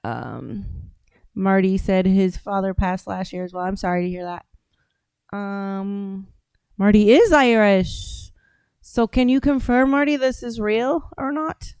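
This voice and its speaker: American woman, live stream host; smooth, dry close voice; rambling, conversational comment reading. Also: mid-range voice, slow, darkish tone, no room sound. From United States. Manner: rambling, conversational, reads viewer comments aloud. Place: home studio.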